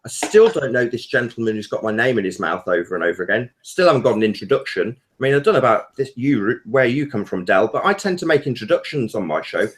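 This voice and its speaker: A man on an online group call speaks bluntly and then admits his faults. His voice sits at a middle pitch. He sounds direct and plain-spoken. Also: lively intonation, fast talker, few pauses. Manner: blunt, then apologetic and self-critical. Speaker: guest video maker.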